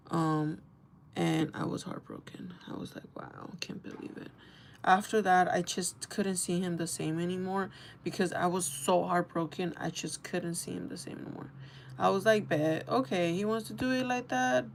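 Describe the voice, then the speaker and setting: Chatty young woman, lowish voice. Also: a little hiss or hum. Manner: chatty, candid, swears freely. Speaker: beauty vlogger. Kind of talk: casual storytime chat while doing makeup.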